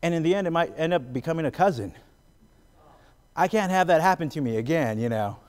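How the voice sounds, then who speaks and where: On stage and then in an interview as a guest, this comedian from Arizona's Gila River area talks in an expressive, brisk male voice pitched on the high side. He's chatty, leans on fillers, and laughs between jokes.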